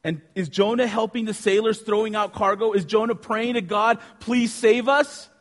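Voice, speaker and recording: A man preaching a sermon with animated storytelling, asking his listeners questions. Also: high voice, brisk. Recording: long hall reverb.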